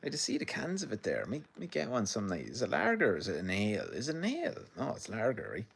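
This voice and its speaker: A man's voice: fairly low pitch, wildly swooping pitch, fast, gravelly, a little hiss or hum. An Irish man hosting a livestream, chatting casually with viewers, rambling, swearing and laughing as he reads their comments. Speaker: livestream host.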